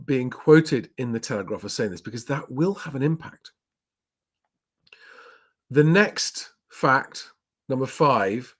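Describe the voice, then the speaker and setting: A man hosting his property channel live, rambling and chatty as he runs through the week's news. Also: mid-range voice. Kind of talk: casual live commentary.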